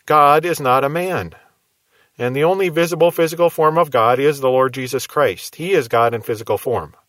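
A man teaching verse by verse from the Bible in a calm, measured manner. He explains each passage step by step and poses rhetorical questions to his listeners. His mid-range voice is recorded dry, with no room sound. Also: medium pitch, no echo.

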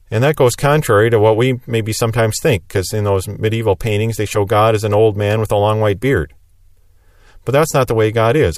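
A man's voice: mid-range voice, no echo. Earnest male preacher, dry sound. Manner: earnest, explanatory, rising emphasis on repeated phrases. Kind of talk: sermon.

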